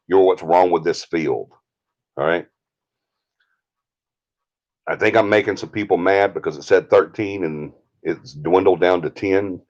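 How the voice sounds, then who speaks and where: A man's voice: deep voice, darkish tone, dull audio. A man with a Southern US accent hosting a live stream, ranting in a heated, indignant way. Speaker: paranormal team leader, stream host.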